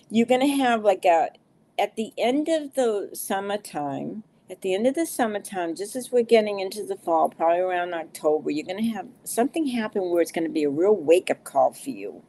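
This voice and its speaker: Mellow-voiced woman giving card readings. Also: mid-range voice. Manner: soothing, reassuring, with fillers. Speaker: card reader. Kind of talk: live card reading for viewers.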